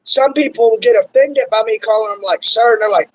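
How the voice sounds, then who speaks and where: A man's voice: high voice, a little fast, slight background noise, rough recording. Rambling young Kentucky man. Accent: Southern US, Kentucky. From Kentucky, US South. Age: young adult. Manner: rambling, full of "like" and "y'all". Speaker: interviewer, show host. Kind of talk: casual conversational interview.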